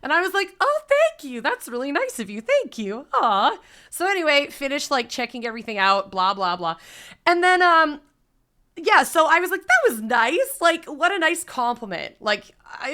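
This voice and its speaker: A woman streamer casually telling a story to her chat, animated and swearing freely. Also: a little high. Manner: animated, swears freely, breaks into loud laughs.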